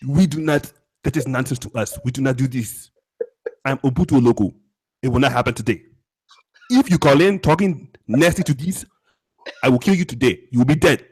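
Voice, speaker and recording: A man's voice: mid-range voice, fairly quick, long pauses, darkish tone, husky, voice pushed down, natural voice. A man voicing a stern, self-important tribesman who speaks in a stiff, formal mock-foreign manner and makes threats. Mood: menacing.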